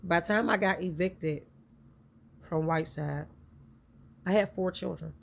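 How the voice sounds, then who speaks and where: A woman's voice: on the low side, unhurried, vocal fry. A woman earnestly telling a personal story in a conversational, emotional way, often repeating herself for emphasis.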